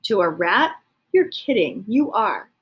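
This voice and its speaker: A woman's voice: medium pitch, very animated, measured pace, breathy edge. A woman voicing a weary male prisoner who talks bluntly with folksy slang. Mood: gruff.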